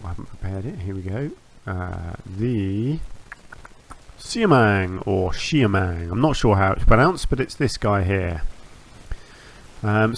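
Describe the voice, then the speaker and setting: On his gaming channel, a man with a fairly low voice talks comfortably through his build while playing, in relaxed gameplay commentary. His talk rambles and corrects itself: he drifts between ideas, stumbles on phrases and starts them over, and plugs pauses with ums and uhs.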